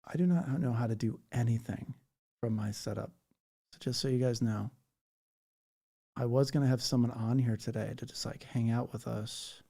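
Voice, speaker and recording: A man's voice: mid-range voice, moderate pace, vocal fry, dark tone, slightly rough. A man hosting a casual livestream, chatting loosely and reading out viewer comments. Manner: rambling, chatty, reads chat comments aloud. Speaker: livestream host.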